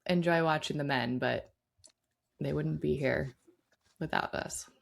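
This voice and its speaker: A woman's voice: deep voice, unhurried, vocal fry. A woman co-hosting a sports podcast, talking casually with lots of fillers. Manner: chatty, many "like" fillers. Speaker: podcast co-host.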